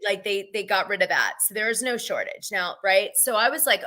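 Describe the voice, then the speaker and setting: A woman's voice: mid-range voice, lively intonation, fairly quick, hardly any pauses, pushed and bright. A woman hosting a casual gossip live stream, talking frankly and laughing often. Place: home, Los Angeles area.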